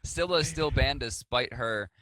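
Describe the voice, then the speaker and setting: A man casting a live esports match, breaking down picks and strategy in quick analytical talk. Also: mid-range voice, fairly bright tone. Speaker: esports caster. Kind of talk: live esports play-by-play commentary.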